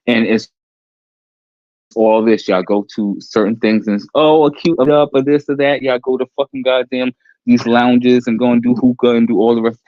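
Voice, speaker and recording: A man's voice: level tone, normal speed, a little mellow, no echo. A man with a New York accent, talking in a brash, profane, theatrical way during a casual online chat over Bluetooth headphones. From New York City. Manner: brash, profane and theatrical, with high cackling laughs. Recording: muffled headset audio.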